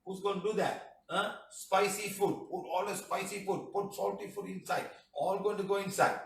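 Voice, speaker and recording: Male healing teacher, high-pitched, scolds and jokes; distant mic, echoey room. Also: fairly even intonation, moderate pace, gravelly, a little hiss or hum. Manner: chiding, joking, keeps asking "huh?". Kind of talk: lecture.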